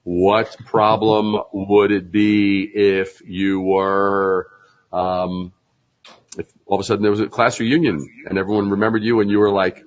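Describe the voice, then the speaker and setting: Speaking a little slowly, a male branding expert explains his ideas in an interview with animated, conversational energy, staging mock sales pitches and laughing often. The recording quality is low.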